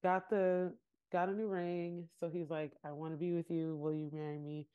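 A woman's voice: on the low side, normal speed, clear, resonant tone, narrow, tinny audio. A woman co-hosting a podcast, casually recapping a reality show and acting out what people said, laughing often. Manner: animated storytelling, acting out quotes with laughter. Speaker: podcast co-host.

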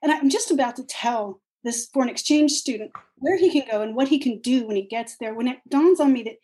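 A woman telling a funny personal story with a wry, lively manner. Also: on the high side, fairly quick, poor audio. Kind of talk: personal story told on stage.

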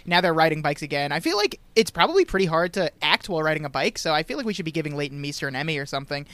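A man's voice: a little high, very animated, rapid-fire, fairly bright tone, dry recording. A man from Long Island hosting a podcast, recapping a TV episode in casual chat and laughing often as he goes. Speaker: podcast host.

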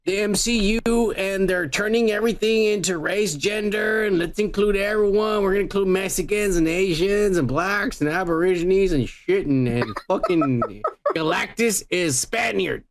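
A man's voice: sits high, moderate pace, few pauses. A man hosting a podcast in profane, blunt, joking casual chat. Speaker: podcast host.

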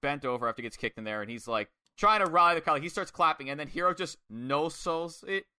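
A man casually reviewing a wrestling match, excitable and swearing often, acting out lines in quoted voices. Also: on the high side, quick pace, clear, resonant tone, no room sound, studio quality. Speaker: podcast co-host.

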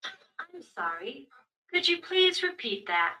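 An actress voicing a polite automated elevator that keeps asking people to repeat themselves. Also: female voice, high voice, big pitch swings, slow pace, bright, forceful tone, distant mic, full character voice, rough recording. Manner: polite, repetitive prompts. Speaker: voice-recognition elevator.

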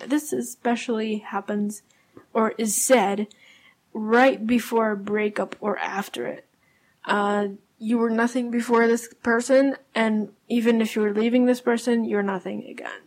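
A woman's voice: medium pitch, darkish tone. A young adult woman hosting a casual solo podcast, explaining in a conversational way with frequent fillers and self-corrections. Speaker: podcast host.

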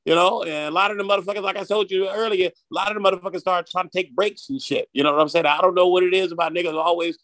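A man's voice: high voice, steady tone, fast talker, few pauses, fairly bright tone, no echo. A man telling rambling, profane stories as an interview guest, repeating himself as he goes. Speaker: guest, gardening business owner. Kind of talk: comic interview banter.

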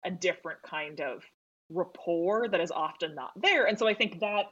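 A woman co-hosting a podcast in casual film talk, chatty and quick to laugh, swearing freely. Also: fairly low pitch, fairly bright tone, slightly rough, dull audio. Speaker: podcast co-host.

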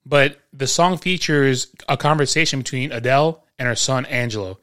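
A man of ordinary pitch co-hosts a casual podcast from his home. He rambles through anecdotes and opinions, stumbling over repeated words and pausing to clear his throat. His tone stays relaxed and conversational throughout. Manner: rambling storyteller with frequent restarts and throat clearing. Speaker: podcast co-host. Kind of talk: casual chat.

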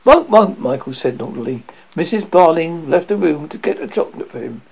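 A man reading a children's classic aloud, lively and prone to stumbles. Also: a little high, fairly quick, vocal fry, slightly rough. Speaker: reader. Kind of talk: storybook reading. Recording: dull lo-fi recording.

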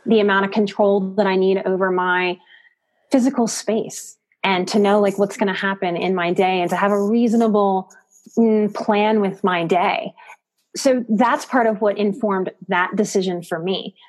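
A woman psychotherapist and life coach is a guest on a podcast, speaking at a normal speed in a medium-pitched, darkish voice with fairly even intonation. Even so, she talks expressively and emphatically, repeating words for stress, in a conversational interview.

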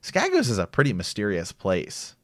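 Deep-voiced man hosting a casual chat. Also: huge pitch swings, moderate pace, dry recording, studio quality. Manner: rambling, with many restarts. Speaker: podcast host. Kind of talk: casual chat and reading book passages aloud.

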